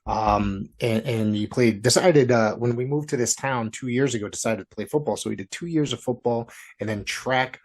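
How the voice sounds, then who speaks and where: A man's voice: mid-range voice, moderate pace, hardly any pauses. A man hosting an interview, speaking hesitantly with many fillers. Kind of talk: conversational interview.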